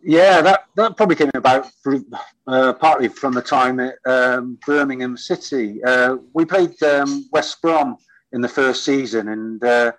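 A middle-aged man, a guest on a podcast, recalls his career in a reflective, unhurried way, pausing often on ums and uhs. His voice sits at an ordinary mid pitch. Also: a bit bright, dry recording, rough recording. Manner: reflective, hesitant with frequent ums. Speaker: guest, former footballer. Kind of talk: interview storytelling.

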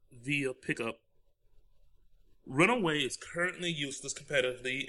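A man's voice: mid-range voice, bright, forceful tone. A man hosting a podcast in casual chat, dry and joking, explaining game tactics in detail. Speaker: podcast host.

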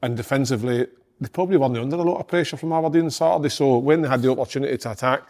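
A man calmly breaking down a football match. He keeps a measured, analytical tone at an ordinary middle pitch. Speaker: football podcast panelist. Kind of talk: casual chat.

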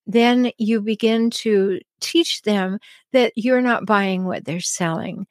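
A woman hosting an advice podcast, answering listener questions in a calm, chatty way with frequent ums and small laughs. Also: medium pitch, measured pace, dry recording. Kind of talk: advice talk show.

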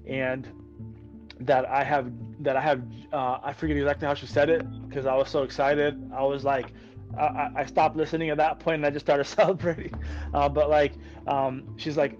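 A man, a military veteran and podcast guest, telling faith stories in an earnest, excited way. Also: a little high, normal speed, muffled recording, soft background music. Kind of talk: conversational podcast interview.

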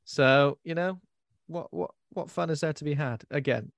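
A man's voice: a little high, normal speed, dry recording, clean studio sound. A man hosting a casual podcast chat, rambling with fillers and restarts. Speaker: podcast host.

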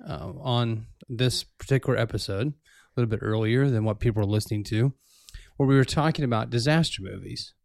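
A man's voice: medium pitch, a little fast, vocal fry, darkish tone, no echo, studio quality. A man hosting a radio show in casual chat, joking and rambling, breaking off his own sentences. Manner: joking, rambling, self-interrupting.

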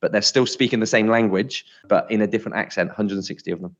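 A man's voice: fairly low pitch, fast talker, muffled recording. A man co-hosting a podcast, chatting casually and explaining things with plenty of filler words. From United Kingdom. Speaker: podcast co-host.

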